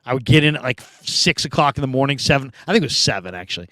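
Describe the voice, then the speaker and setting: A middle-aged man hosting a casual sports talk stream, rambling and telling stories with loud acted-out quotes. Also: mid-range voice, fast talker, no room sound. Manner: rambling, animated storytelling, acts out quotes loudly. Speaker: show host.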